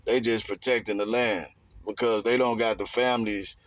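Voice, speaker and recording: A man's voice: lowish voice, steady tone, moderate pace, a bit bright, no echo. A man giving a rambling, emphatic casual monologue in streetwise slang.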